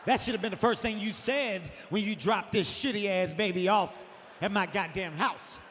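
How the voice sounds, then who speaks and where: A man in his forties doing stand-up, telling a story in an animated, exasperated way with profane outbursts. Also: sits high, normal speed, big-room sound, a little hiss or hum. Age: 40s. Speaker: stand-up comedian.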